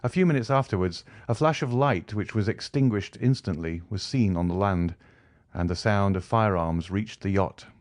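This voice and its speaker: Low-voiced man narrating a classic novel. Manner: measured, even storytelling. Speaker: audiobook narrator.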